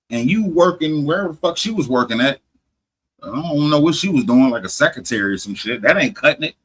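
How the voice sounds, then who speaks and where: A man hosting a podcast, retelling a story in casual profane talk, animated, swearing heavily and restarting often. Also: medium pitch, low-quality recording. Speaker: podcast host.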